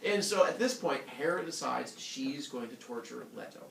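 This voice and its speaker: Goofy lively male storyteller, roomy sound. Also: mid-range voice, moderate pace, gravelly. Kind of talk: comic myth retelling to a live group. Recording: echoey room from a distant mic, faint noise.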